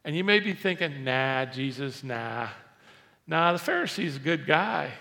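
A preacher man with a somewhat high, gravelly voice delivers a sermon, shifting from loud emphasis to hushed, low asides. His voice rings out in a reverberant church hall. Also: animated, unhurried. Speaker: pastor.

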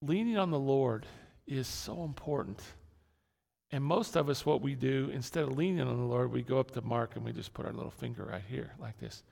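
Gravelly preacher in a reverberant hall. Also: male voice, medium pitch, fairly quick, a little mellow. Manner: conversational preaching with repeated phrases and restarts. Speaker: pastor. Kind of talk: sermon. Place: church sanctuary.

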